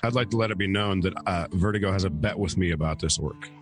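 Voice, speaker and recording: A man's voice: sits low, fast talker. An American man playing in a tabletop game over a call, wisecracking and swearing, with guitar music behind. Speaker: player. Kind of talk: casual banter on a video call.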